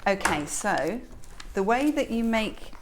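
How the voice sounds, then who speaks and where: A woman's voice: mid-range voice, sing-song, takes it slowly, noisy background. A woman demonstrating sewing on a live shopping channel. She talks in a chatty, giggly way, explaining each step. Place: TV studio.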